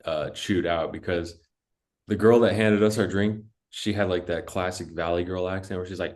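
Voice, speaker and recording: A man's voice: low voice, steady tone, moderate pace, darkish tone. A young man co-hosting a podcast, telling rambling stories full of cussing, "dude" and "like" in casual chat. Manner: rambling storytelling, heavy cussing, lots of "dude" and "like". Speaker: podcast co-host.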